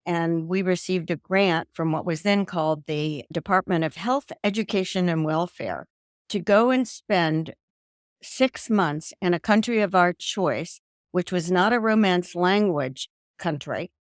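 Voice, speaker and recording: Older woman, interview guest, animated storyteller, dry sound. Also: lowish voice, measured pace, no room sound. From American South. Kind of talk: casual interview talk.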